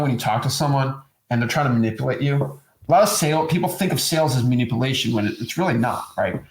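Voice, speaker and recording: A man's voice: a little high, reverberant, rough recording. A man co-hosting a casual chat, talking animatedly and breaking into mock salesy voices. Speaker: co-host.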